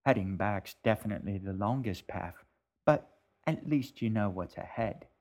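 A man's voice: lowish voice, moderate pace, darkish tone, close to an everyday voice. A man reading the lines of a wry, impatient boy in an audiobook. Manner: offhand, wry.

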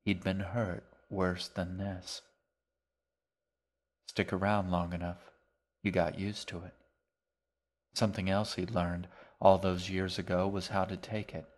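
A man reading his own novel aloud as a podcast, in measured, even storytelling narration. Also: deep voice.

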